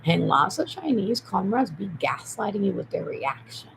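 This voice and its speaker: Gravelly speaker rambling between whispers and outbursts. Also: mid-range voice, sing-song, normal speed, a bit bright, slight background noise, poor audio. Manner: repetitive, emphatic. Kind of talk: rambling monologue while typing.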